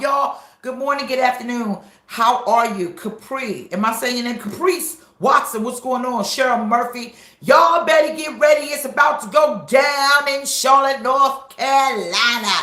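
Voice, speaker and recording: A woman pastor live-streaming from her car, shouting high-energy greetings to her viewers. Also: expressive, moderate pace, reverberant.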